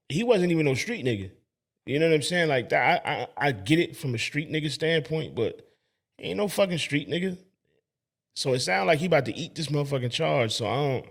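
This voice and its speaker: A man's voice: mid-range voice, animated, a little fast. A man with a mid-range voice reacts to an interview clip. He talks bluntly and casually, swearing and exclaiming as he comments. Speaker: reaction video host.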